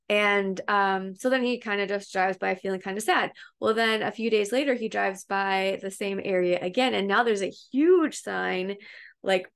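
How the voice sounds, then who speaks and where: A woman's voice: mid-range voice, moderate pace, vocal fry. A woman coaching an online group, casually retelling a story from a book in a chatty, meandering way, full of fillers and restarts. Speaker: self-help coach and host.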